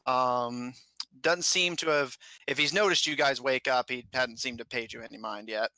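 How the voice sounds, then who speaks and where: A man's voice: medium pitch, steady tone, moderate pace, bright, forceful tone, dry recording, rough recording. A man narrating as game master in a tabletop game, laughing often and using many fillers.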